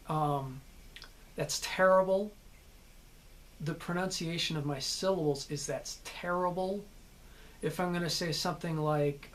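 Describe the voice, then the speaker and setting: A man's voice: on the high side, fairly bright tone, slight background noise. A middle-aged American man, an actor, explaining character and accent work in a casual, conversational way, often checking in with "okay?". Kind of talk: casual acting lesson to camera.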